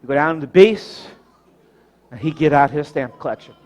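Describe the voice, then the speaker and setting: A man, the pastor, preaching a storytelling sermon, swinging from loud to hushed and slowing down for emphatic pauses. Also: on the high side.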